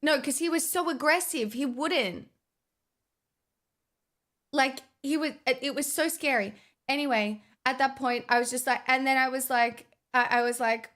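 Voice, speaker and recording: A woman's voice: sits high, moderate pace, fairly bright tone. A young woman, chatting casually as a vlogger, swearing often and restarting her sentences. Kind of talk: casual storytime chat.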